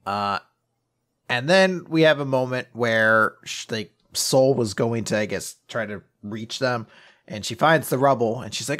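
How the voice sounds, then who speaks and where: A man's voice: mid-range voice, normal speed, fairly bright tone. A man co-hosting a podcast in a loose, casual chat. He rambles, swears freely and lets his sentences trail off. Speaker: podcast co-host.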